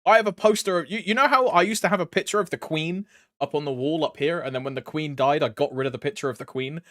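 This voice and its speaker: A man's voice: a little high, quick pace, a bit bright, no echo, clean studio sound. A young man chatting casually while streaming a game, rambling, laughing often and using crude slang.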